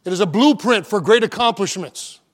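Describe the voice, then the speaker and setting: Brief: male pastor, high-pitched voice, folksy and earnest, preaching from the pulpit. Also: expressive, brisk. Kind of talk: sermon with opening prayer. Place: church auditorium.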